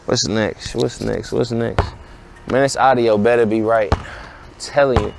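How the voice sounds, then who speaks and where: A man's voice: on the low side, steady tone, a little slow, vocal fry, background noise. A man around thirty, hosting a podcast and giving blunt, preachy life advice in a casual monologue that keeps circling back to rhetorical questions. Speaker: podcast host.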